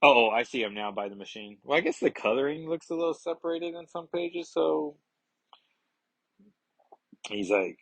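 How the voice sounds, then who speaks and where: A man's voice: on the high side, lively intonation, moderate pace, vocal fry, long pauses, a bit bright, husky, no room sound, poor audio. A man casually reading a comic aloud and commenting, chatty, digressive and amused, on a close mic.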